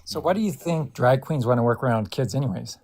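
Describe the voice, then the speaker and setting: A woman's voice: very deep voice, lively intonation, quick pace, darkish tone. A woman debating as a guest, skeptical and questioning, pushing her point. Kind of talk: heated live debate.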